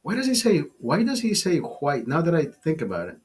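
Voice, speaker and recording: A man's voice: a little high, wildly swooping pitch, a little fast, breathy edge. A man hosting a live stream, chatting casually over a beer, rambling and swearing, laughing at his own jokes. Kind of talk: casual chat over beers.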